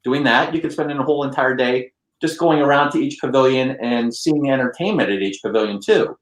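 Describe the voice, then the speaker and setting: Excitable guy cohosting a chatty podcast, kinda echoey room. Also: medium pitch, brisk. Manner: excitable, enthusiastic. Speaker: podcast co-host. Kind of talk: casual podcast chat. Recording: roomy echo.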